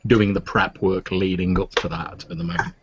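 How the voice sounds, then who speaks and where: A man narrating a tabletop game as game master, relaxed and a little hesitant. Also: deep voice, moderate pace, muffled recording, noisy background.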